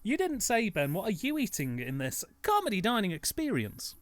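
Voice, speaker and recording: A man's voice: sits high, huge pitch swings, normal speed, dry recording. A man co-hosting a casual film commentary, laughing often and talking with animation. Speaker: commentary co-host.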